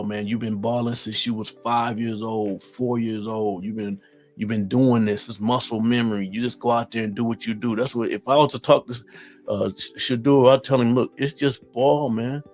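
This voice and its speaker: A middle-aged man from Ohio with an Ohio accent, hosting a casual live-stream chat, reading viewer comments and answering them in an animated, folksy way. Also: fairly low pitch. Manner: animated, talks straight to viewers, folksy slang.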